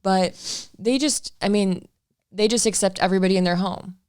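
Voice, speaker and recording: A woman's voice: mid-range voice, normal speed, a little mellow, clear, resonant tone, dry recording, studio quality. A young woman in her twenties co-hosting a casual couple podcast, talking frankly and laughing often. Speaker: podcast co-host.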